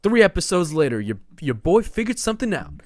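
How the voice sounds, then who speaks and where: A man on a podcast ranting in a casual, slangy way and tossing in "dude" and "man" all the time. His voice sits a bit higher than most men's. The sound is dry and close, with no room echo. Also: sing-song, fast talker, darkish tone. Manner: riled-up, slangy, peppers lines with "dude" and "man". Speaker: podcast host.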